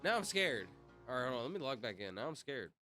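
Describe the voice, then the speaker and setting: A man's voice: mid-range voice, sing-song, quick pace, pushed and bright, no echo, soft background music. A young man chatting casually on a livestream, reading out comments and reacting in slang. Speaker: streamer.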